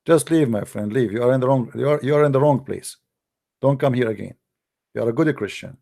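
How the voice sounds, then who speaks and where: A man's voice: mid-range voice, fairly quick, gravelly, warm tone. A man lecturing combatively in a livestream, mocking and scolding his opponents in non-native English. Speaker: religious debater.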